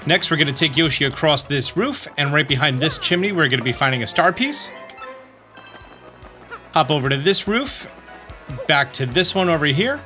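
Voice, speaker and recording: A man narrates a video game walkthrough from home in a chatty, upbeat way. His voice sits a little high and sounds bright. Faint game music plays beneath him. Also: lively intonation, normal speed, long pauses. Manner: upbeat, chatty, reads game text aloud. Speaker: gaming YouTuber. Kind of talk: walkthrough commentary.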